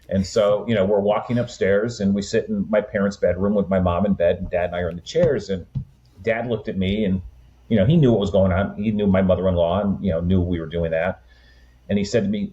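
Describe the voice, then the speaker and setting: A man in his sixties, a guest in an interview, tells his family story in a relaxed, rambling way with many "um"s and "you know"s. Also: deep voice, a little fast, highs cut off. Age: 60s. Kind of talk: conversational storytelling.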